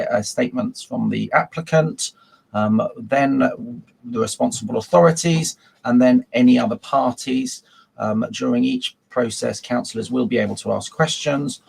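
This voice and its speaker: A man's voice: mid-range voice, vocal fry, breathy edge. A man chairing a formal council meeting over a video call, working through procedure with frequent ums and uhs.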